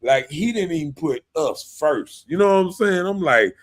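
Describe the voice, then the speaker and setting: Animated man. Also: on the high side, normal speed. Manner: animated, repeats "you know what I'm saying", laughs often. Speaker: podcast host. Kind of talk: casual opinion talk.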